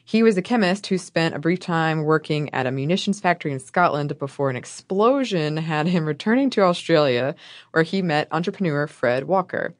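Wry, low-pitched woman podcast host. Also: lively intonation, a little fast, no echo, clean studio sound. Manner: wry, playful, laughs often. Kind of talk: scripted history storytelling with banter.

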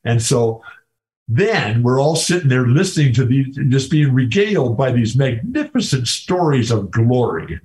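A man's voice: medium pitch, very animated, measured pace, darkish tone. An older man telling stories as a podcast guest, enthusiastic and rambling, often repeating his words. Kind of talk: casual storytelling interview.

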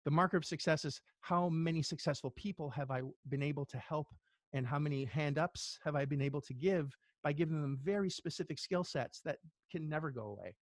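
A middle-aged man telling a personal story as an interview guest, earnest and halting, with many restarts. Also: on the high side, dry recording. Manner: earnest, halting, tearful at times.

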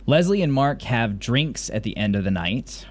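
A man's voice: medium pitch, sing-song, normal speed. A man from the US South who has lost most of his accent, casually recapping a TV episode as a podcast co-host in a rambling, enthusiastic way. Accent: lost Southern US accent, mostly general American. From Mississippi, US South.

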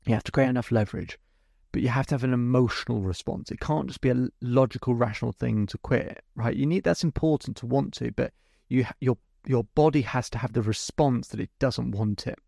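A man's voice: mid-range voice, brisk, vocal fry, warm tone, dry recording, clean studio sound. A man hosting a podcast as a hypnotherapist, telling a client's story in vivid detail and acting out both sides of the conversation. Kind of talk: storytelling monologue.

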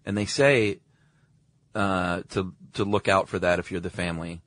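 A man with a deep, steady, slightly bright voice co-hosts a podcast at a normal speed. In casual chat, he explains facts loosely, using plenty of filler words and laughing easily.

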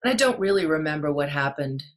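Brief: middle-aged woman, low voice, earnest and halting, interview guest recounting her past. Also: animated. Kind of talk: personal storytelling in an interview.

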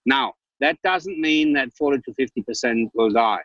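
A man's voice: medium pitch, animated, normal speed, creaky, a bit bright, no echo. A man of German background, an investor on an online panel, speaking in an upbeat, blunt, folksy way. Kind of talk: casual panel chat. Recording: dull, dry online call audio.

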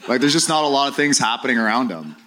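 Animated man telling a hockey story. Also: medium pitch, quick pace. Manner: animated storyteller, acts out voices of teammates. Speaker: former hockey player guest. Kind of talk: live podcast storytelling.

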